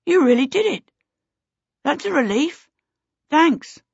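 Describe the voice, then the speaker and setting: A woman's voice: high-pitched, very animated, slow pace, vocal fry, no room sound, muffled recording, voice pushed up, full character voice. A woman voicing a flustered, clumsy young boy wizard who wails when things go wrong, in a storybook reading. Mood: earnest. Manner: wailing, flustered.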